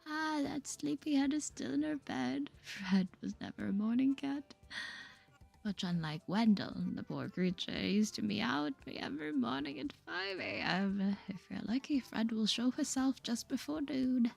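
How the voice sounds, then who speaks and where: A woman's voice: a little high, animated, measured pace, gravelly, a little mellow, husky, soft background music, pitched above the performer's own voice, full character voice. A woman voicing a sweet elderly woman who dotes on her cats, in a slightly British accent, as a whispered role-play in a game. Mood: doting. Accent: slightly British, put on. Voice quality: fond and chatty.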